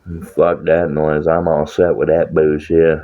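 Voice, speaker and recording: A man's voice: rumbling low, flat delivery, a little slow, mellow, slight background noise. A man talking casually about his life, blunt and full of swearing, often laughing. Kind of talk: casual profane monologue. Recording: dull lo-fi sound.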